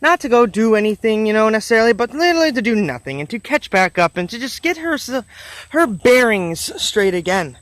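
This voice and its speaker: A man's voice: high-pitched, very animated, fairly quick, fairly bright tone, no room sound. A man telling a motivational story on a vlog, rambling and earnest, with lots of fillers along the way. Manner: earnest, encouraging. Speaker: motivational vlogger.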